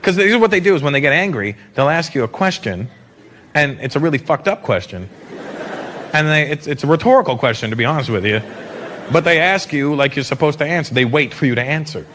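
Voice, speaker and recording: A man from Canada performing a stand-up comedy set on a club stage, talking to the audience and breaking into loud shouted bits as he acts out characters. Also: a little high, expressive, brisk. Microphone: handheld stage mic. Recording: live club recording with crowd noise.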